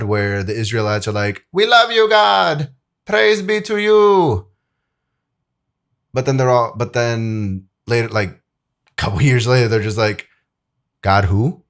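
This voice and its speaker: A young man in an easygoing Bible lesson. He speaks loosely and chattily, full of fillers, and slips into reading scripture. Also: fairly low pitch. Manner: loose and chatty, many "like"s, acts out quotes. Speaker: video editor presenting a Bible lesson.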